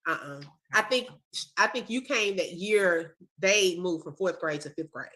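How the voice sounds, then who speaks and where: A woman's voice: lowish voice, a little slow, sharp tone. A woman hosting a casual video-call chat, praising a former student with emotion and often saying "when I tell you". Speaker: host, former teacher.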